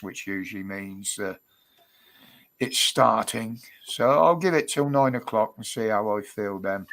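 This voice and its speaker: A man's voice: medium pitch, a bit bright. Cheeky rambling man hosting. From United Kingdom. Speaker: livestream host. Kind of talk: casual chat.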